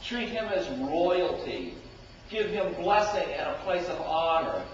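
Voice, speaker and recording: A man's voice: a little high, very animated, unhurried, a little hiss or hum. A preacher voicing an earnest, forgiving father. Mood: joyful. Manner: earnest scripture-style speech. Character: forgiving elderly father, warm and pleading. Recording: echoey church hall from far off, dull lo-fi.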